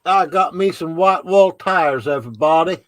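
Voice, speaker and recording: A man voicing a boastful backwoods country man with a put-on Southern mountain drawl, bragging in a loud hick voice. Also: on the high side, moderate pace, no echo, close to an everyday voice.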